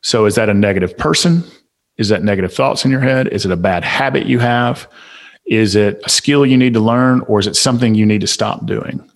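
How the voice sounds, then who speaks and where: A man's voice: fairly low pitch, a little fast. Preachy Southern man giving motivational advice. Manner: preachy, emphatic, fires off rhetorical questions. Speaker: guest author and speaker. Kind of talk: motivational podcast interview.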